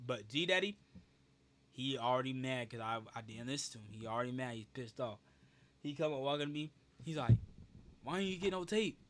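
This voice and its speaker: Young male streamer, casual storyteller; bright, forceful voice, animated and profane. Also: medium pitch, a little fast.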